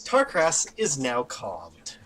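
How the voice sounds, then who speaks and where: A man narrating a tabletop game as game master, telling the story in an animated way. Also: medium pitch, takes it slowly, low-quality recording.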